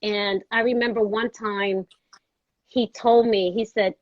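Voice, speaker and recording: A woman's voice: medium pitch, slow, no room sound. A woman from Brooklyn, telling a story as a guest and acting out the voices she quotes. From Brooklyn, New York. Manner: lively storyteller who acts out quoted voices. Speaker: guest, actress. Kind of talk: storytelling conversation. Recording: dull, dry sound.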